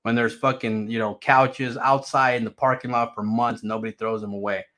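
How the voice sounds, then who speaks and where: A man's voice: mid-range voice, moderate pace. A man casually telling a personal story, swearing freely and laughing often. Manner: profane, animated, laughs often.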